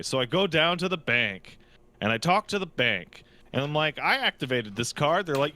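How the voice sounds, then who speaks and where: A man with a fairly high, bright voice tells a comic rant on a podcast, sounding exasperated as he acts out the clerks he argued with. The sound is close and dry, with no room around it. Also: expressive, fairly quick, no room sound. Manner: exasperated, acts out other people's lines. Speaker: podcast co-host. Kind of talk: comedic storytelling rant. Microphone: studio podcast mic.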